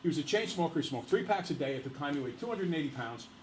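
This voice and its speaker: Animated man telling class a story. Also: a little high, rapid-fire, reverberant, a little hiss or hum, poor audio. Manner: animated, laughing, addresses class directly. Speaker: teacher.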